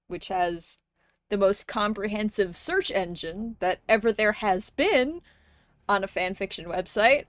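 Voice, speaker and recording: A woman's voice: mid-range voice, a little slow, fairly bright tone, no room sound, clean studio sound. A woman streaming a game live, chatting casually with chat and ranting with plenty of swearing. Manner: profane, ranting, greets chat.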